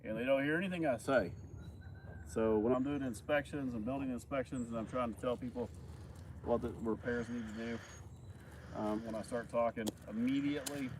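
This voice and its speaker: An Arkansas man with a Southern accent talks casually while filming his cattle. His voice sits at an ordinary middle pitch and comes through with clear outdoor noise behind it. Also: a little fast. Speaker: cattle farmer vlogger. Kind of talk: casual livestream chat. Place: outdoors on a farm near cattle.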